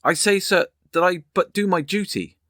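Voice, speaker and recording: A man's voice: sits high, normal speed, a bit bright, no room sound, studio quality, voice pushed up. A man voicing a frail, elderly night watchman who pleads humbly but holds to his duty. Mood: pleading.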